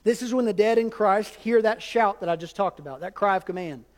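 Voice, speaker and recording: A man's voice: sits high, fairly quick. A man preaching a sermon, talking to the congregation in a conversational way and tossing asides to the crowd. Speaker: pastor. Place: church sanctuary. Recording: long reverb of a church hall.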